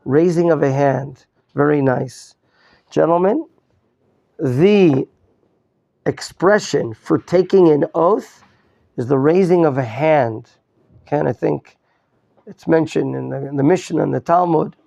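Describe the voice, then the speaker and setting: A man's voice: fairly high pitch, unhurried, vocal fry, long pauses, dark tone. A male rabbi teaching a Torah class, quizzing his students, repeating his questions and mixing in Hebrew terms. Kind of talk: interactive Torah lesson.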